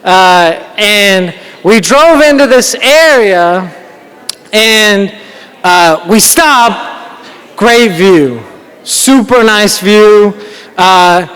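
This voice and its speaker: An American man performs stand-up comedy in a large banquet hall, rambling, putting himself down, and often laughing at his own jokes. His voice is high, expressive, and clear, with a fairly bright, resonant tone, and he speaks very slowly. The recording carries the hall's reverb.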